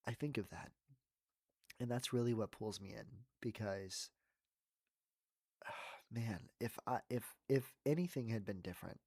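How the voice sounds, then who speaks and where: A man's voice: on the low side, darkish tone, dry recording, clean studio sound. A man, a voice actor and coach, talking earnestly and reflectively as a podcast guest. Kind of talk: casual podcast conversation.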